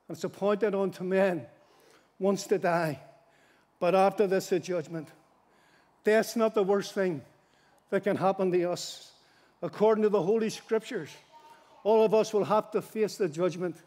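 A man preaching a tent mission sermon, earnest, repeating phrases for emphasis and slowing down to read scripture. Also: high-pitched, a little mellow, long reverb tail. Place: large gospel tent.

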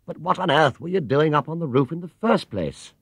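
A man's voice: a little high, animated, a little fast, slightly rough, dry recording, clean studio sound, pitched above the performer's own voice. A man voicing a mild, puzzled middle-aged father who talks hesitantly.

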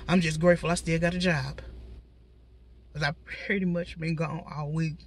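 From inside a parked car, a woman vlogger hosts a casual talking mukbang chat, her low, husky voice steady and at normal speed. A cold makes her sound slightly stuffy, and she speaks straight to her viewers with lots of asides.

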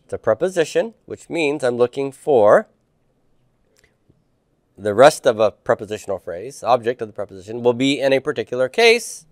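A man's voice: mid-range voice, very animated, moderate pace, no room sound, studio quality. A man reviewing homework with a class, asking students questions and explaining Greek grammar patiently. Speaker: Greek teacher.

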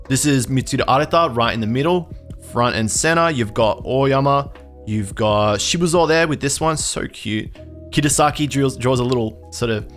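Male host, casual unboxing talk, rambling and excitable, mid pitch, faint music underneath. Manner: chatty, rambling, gushes excitedly over finds. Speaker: card collector host.

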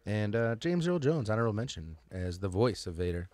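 A man's voice: fairly low pitch, sing-song, a little mellow, no room sound. A man co-hosting a casual movie review podcast, chiming in with enthusiastic reactions. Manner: enthusiastic, quick interjections. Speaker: podcast co-host.

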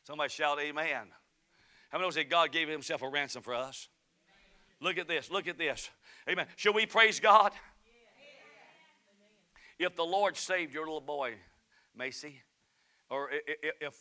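A Southern-accented, middle-aged man delivers a sermon as pastor in a church sanctuary. His slightly high voice alternates between fervent shouting and hushed stories.

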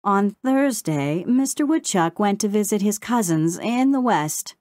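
A woman's voice: mid-range voice, expressive, unhurried, a little mellow, dry recording, clean studio sound, pitched above the performer's own voice, lightly acted. A woman doing a fussy sing-song crow. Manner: sing-song, clipped news-report delivery. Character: fussy male crow playing newspaper. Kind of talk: audiobook character voice.

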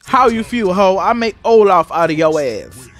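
A gaming streamer reacting live to a fighting game, with loud, profane trash talk and sudden high squeals. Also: animated, moderate pace, soft background music.

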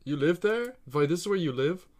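A male streamer swears freely while chatting with casual excitement to himself and his audience during a live geography guessing game. His voice is a little high, and he speaks at a moderate pace.

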